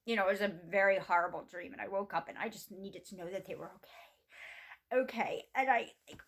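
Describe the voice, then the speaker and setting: A middle-aged woman speaking at a middle pitch, recounting events in a casual home vlog. She talks in a halting, rambling way, doubling back on her words and trailing into fillers. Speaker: vlogger. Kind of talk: casual personal storytelling.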